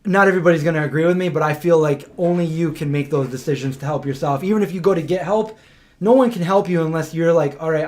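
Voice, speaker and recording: Rambling, chatty man, slightly high voice. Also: a little mellow. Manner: rambling storytelling, heavy on "like". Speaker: podcast host. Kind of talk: casual podcast chat.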